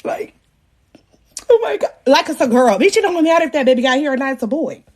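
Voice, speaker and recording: A vlogger in her twenties tells her viewers a story in a high, rapid-fire voice. She's animated, profane, and self-mocking, and she acts out the voices of the people involved.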